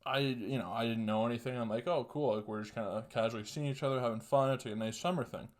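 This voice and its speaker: A man's voice: mid-range voice, fast. A young man in his twenties rambles through a crude personal story. He swears freely and often breaks into laughter, with a loose, casual delivery. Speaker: podcast host telling a story.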